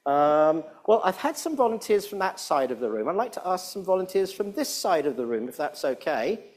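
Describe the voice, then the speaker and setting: Man, middle-aged, husky, animated pitch, playful, rambling, church talk. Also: fairly quick. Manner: playful, rambling, teasing the audience. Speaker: church service leader. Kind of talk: jokey all-age church talk.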